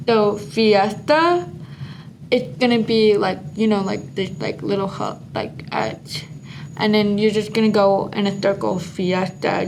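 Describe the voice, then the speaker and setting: A teenage girl teaching sign language step by step, talking slowly with many pauses and fillers. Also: mid-range voice, creaky. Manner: slow, halting instructions with lots of "like". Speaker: student sign language presenter. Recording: noisy room.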